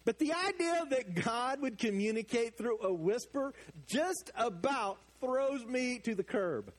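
A middle-aged man preaching a sermon, animated, swinging from hushed asides to loud emphatic lines. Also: very high voice, a little slow. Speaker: pastor.

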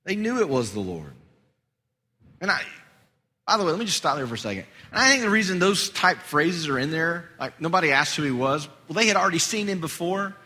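A man preaching to his congregation, his voice swinging widely and climbing high and loud whenever he drives a point home. His tone is very bright and a bit husky. A long hall reverb trails after his words in the church. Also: fairly quick. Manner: animated preaching, rising high and loud for emphasis. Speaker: pastor. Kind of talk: sermon.

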